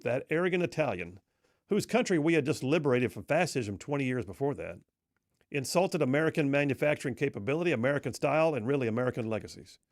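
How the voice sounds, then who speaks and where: A man's voice: a little high, no echo, clean studio sound. A male talk radio host telling a story in a folksy, emphatic way.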